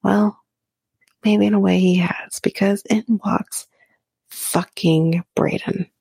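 Brief: woman, whispered reality TV recap, slow and gravelly, cursing casually, dry close sound. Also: medium pitch, steady tone, dark tone, no echo. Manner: casual, profane, laughs while talking.

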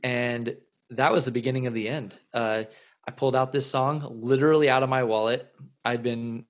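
A man in his thirties tells a long story as a musician guest. His voice sits at an ordinary middle pitch. He rambles along, circling back with repeated words and plenty of fillers. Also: fairly even intonation, moderate pace. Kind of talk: casual storytelling interview.

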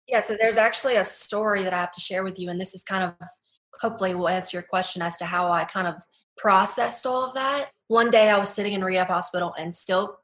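A young woman gives a personal testimony interview as a guest, speaking earnestly and a little haltingly, with plenty of fillers and restarts. Her voice is ordinary in pitch for a woman and a bit bright, and the room rings with noticeable echo.

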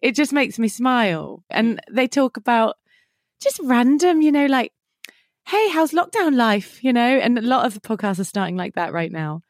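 A woman's voice: fairly high pitch, expressive, moderate pace, no echo, studio quality. A woman chatting as a podcast guest, enthusiastic and gushing. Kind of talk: casual chat.

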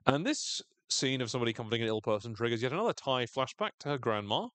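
A man's voice: medium pitch, expressive, quick pace, a bit bright, no room sound. A man co-hosting a podcast, recapping a show in casual chat with sardonic jokes and free swearing. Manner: sardonic, jokey, swears freely. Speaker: podcast co-host.

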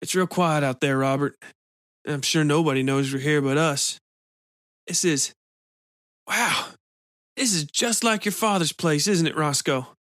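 A man voicing a woman who speaks softly and calmly with a menacing edge. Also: a little high, measured pace, long pauses, no echo, studio quality. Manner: soft and calm. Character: woman, calm, quietly menacing.

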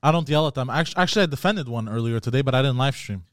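A man's voice: medium pitch, animated, fast, no room sound, clean studio sound. A man guesting on a comedy podcast, telling a rambling story full of hesitations. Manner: rambling storytelling with many uh fillers. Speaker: podcast guest, online gamer. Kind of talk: casual comedy podcast chat.

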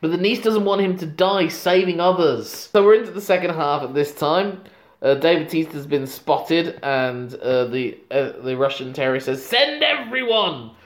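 A man's voice: on the high side, normal speed, roomy sound. A man recapping a film plot in casual chat, with dry asides. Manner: narrates plot in long runs, dry asides. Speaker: podcast co-host recapping a film.

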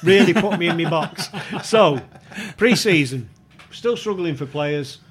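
A man with a slightly high, breathy-edged voice and a measured pace shares an amusing football anecdote as a podcast guest. He plays out the quotes with animation and breaks into laughter often.

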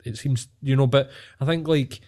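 A Scottish man co-hosting a podcast. He chats in a loose, sweary way and slips into voices for the people in his stories. His voice sits at an ordinary middle pitch. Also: moderate pace. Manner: sweary, animated storytelling with acted-out quotes. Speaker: podcast co-host. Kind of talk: casual banter.

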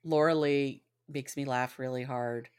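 A woman's voice: very deep voice, fairly even intonation, measured pace, smooth. A middle-aged woman guest on a podcast, chatting casually with dry humor and laughing along. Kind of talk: casual chat.

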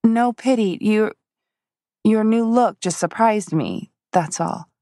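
A woman's voice: mid-range voice, slow pace, mellow, dry recording, studio quality, voice pushed up, natural voice. A woman narrator voicing a determined, stubborn young woman who talks insistently and raises her voice. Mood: reassuring.

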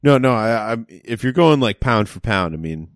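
A man's voice: mid-range voice, animated, normal speed, dry recording, clean studio sound. A man in casual chat, jumping in with jokey, absurd questions.

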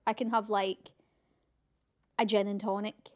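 A woman's voice: medium pitch, little pitch movement. A Scottish woman co-hosting a relationship podcast with her husband, wry and teasing in casual chat. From Scotland. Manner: wry, teasing, quick to laugh. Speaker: podcast co-host.

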